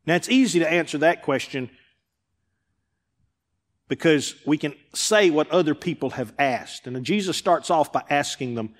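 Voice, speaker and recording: A man's voice: on the high side, animated, moderate pace. A male pastor preaching a sermon, driving points home with emphatic repetition. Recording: hall with long reverb.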